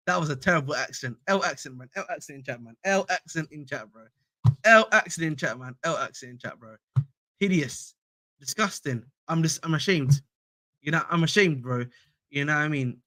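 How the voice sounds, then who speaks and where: A man's voice: a little high, brisk, bright, forceful tone, no room sound. A young man hosting a casual fan live stream, slangy and repetitive, calling viewers bro. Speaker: fan channel host.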